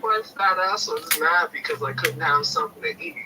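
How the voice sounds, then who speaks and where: A man's voice: on the high side, normal speed. A man chatting casually about model kits and rambling through a funny story. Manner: rambling storyteller, lively and jokey. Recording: noisy room, mic a little far off.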